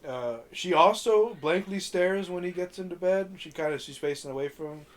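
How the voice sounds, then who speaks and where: A man's voice: sits high, moderate pace. Chatty man recapping a film. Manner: rambling, many fillers, acts out quotes. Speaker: podcast co-host recapping a film. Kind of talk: casual profane podcast chat.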